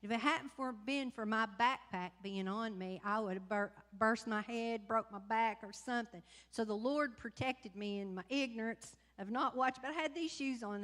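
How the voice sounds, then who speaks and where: A woman telling stories from a mission trip to her church, rambling and animated, with many restarts. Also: fairly high pitch, moderate pace. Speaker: mission trip member giving report. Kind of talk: casual testimony to congregation. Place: church sanctuary. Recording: long church hall reverb.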